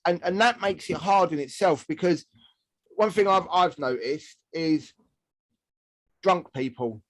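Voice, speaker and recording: A man talks through the difficulties of DJing, stumbling and repeating words as he goes. His voice is somewhat high for a man. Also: measured pace, a bit bright, low-quality recording. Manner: hesitant, repeats words often. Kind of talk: casual podcast chat.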